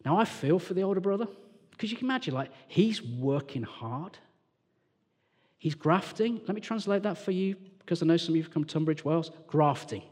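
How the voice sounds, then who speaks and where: A man from England preaches with a fairly high voice, swinging between bright, animated storytelling and low, hushed asides. His voice carries a long reverb from a church hall. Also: brisk. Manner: animated storytelling, acts out characters, drops to hushed tones. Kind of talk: lively sermon.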